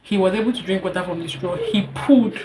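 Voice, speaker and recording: A young woman with a Nigerian English accent, telling a personal story in an earnest, heartfelt vlog, repeating herself and pausing with fillers. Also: medium pitch, background noise. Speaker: vlogger sharing a personal story. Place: hot indoor room.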